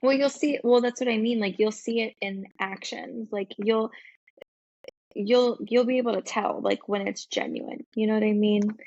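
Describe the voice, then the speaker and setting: A woman's voice: medium pitch, fairly even intonation, moderate pace, a little mellow, no room sound. A woman in her twenties co-hosting a podcast, speaking in a laid-back, hedging, agreeable way. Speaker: podcast co-host. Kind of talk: casual rant chat. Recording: dull, dry lo-fi sound.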